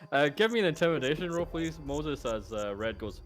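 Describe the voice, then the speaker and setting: A man's voice: fairly high pitch, expressive, a little fast, background noise. A man narrating a tabletop game as game master, loose and full of fillers, popping into brief character voices. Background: faint background music.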